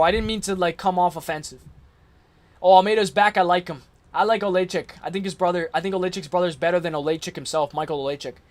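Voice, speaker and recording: A man hosting a casual live stream, making fight picks in slangy, excitable chat and reacting to his viewers' comments. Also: high voice.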